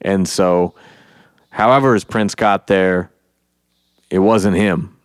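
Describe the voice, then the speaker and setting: Smooth-voiced man breaking down a comic. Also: low-pitched, slow pace, dry recording, studio quality. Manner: animated storyteller, acts out quotes. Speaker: podcast co-host. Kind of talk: casual comic book discussion.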